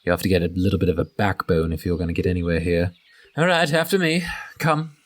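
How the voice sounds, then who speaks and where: A man's voice: deep voice, expressive, fast talker. A man voicing a scornful, impatient male tiefling cultist who talks down to others. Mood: contemptuous. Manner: sneering, condescending.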